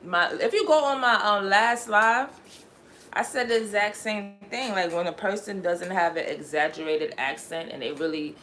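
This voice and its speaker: A woman's voice: mid-range voice, a bit bright. A woman with a New York accent, just out of bed, chatting casually and rambling on a livestream. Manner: rambling, chatty, drawn-out fillers. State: just woke up. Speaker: livestream host.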